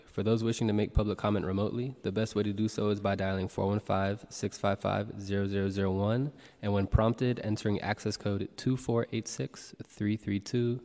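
A man serving as a meeting clerk, reading the roll and announcements in a brisk, formal way, in a large chamber. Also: lowish voice, a little mellow. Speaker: board clerk. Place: legislative chamber in city hall. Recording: long reverb of a large chamber.

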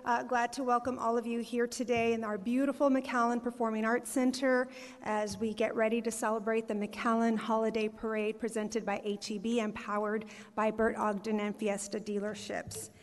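A city communications director, her voice a little high, reads out names in a formal welcome at a performing arts center hall, upbeat but with small fillers. Her delivery is flat and moderately paced, and the hall adds long reverb.

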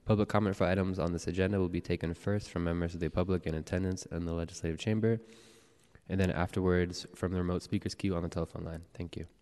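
A man serving as board clerk, calling the roll and reading announcements in a formal, measured way in a city hall chamber. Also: low voice, steady tone, a little mellow. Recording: echoey chamber with long reverb.

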